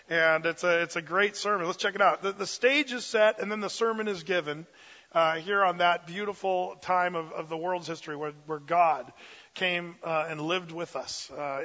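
Energetic, chatty male pastor with a high voice, recorded muffled in an echoing hall. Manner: energetic and conversational, many fillers. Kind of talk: sermon.

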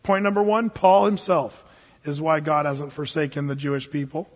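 Husky high-voiced male pastor preaching. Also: steady tone, moderate pace. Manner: conversational, joking preaching with sudden emphatic bursts. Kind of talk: sermon. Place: church sanctuary. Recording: muffled, long reverb in a hall.

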